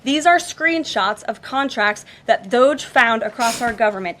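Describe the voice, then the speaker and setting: A woman giving a press briefing as press secretary, speaking firmly and deliberately. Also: on the high side, animated, fairly bright tone, a little hiss or hum. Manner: firm, deliberate delivery.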